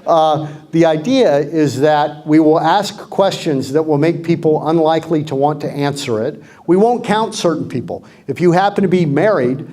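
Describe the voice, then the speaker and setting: Wry middle-aged man with a higher voice. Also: moderate pace, few pauses. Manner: wry, joking, deadpan sarcasm. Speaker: guest speaker. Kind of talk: political club talk with Q&A. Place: community clubhouse meeting room.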